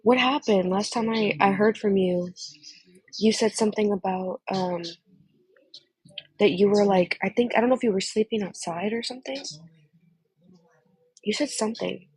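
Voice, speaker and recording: Breathy, gushing young woman. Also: mid-range voice, moderate pace, long pauses, darkish tone, no echo, rough recording. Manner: gushing and emotional, calls the listener honey. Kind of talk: casual phone chat.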